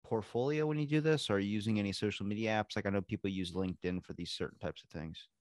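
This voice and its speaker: A man's voice: fairly low pitch, quick pace, darkish tone, no room sound, studio quality. A man hosting a podcast, asking long, curious, rambling questions. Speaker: podcast host. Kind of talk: casual podcast interview.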